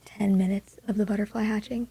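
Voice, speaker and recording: A young woman from Maui, a singer-songwriter, telling a personal story in an interview, soft-spoken and dropping to a hush for quoted thoughts. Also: mid-range voice, steady tone, a little fast, slightly rough, dry recording. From Maui, Hawaii.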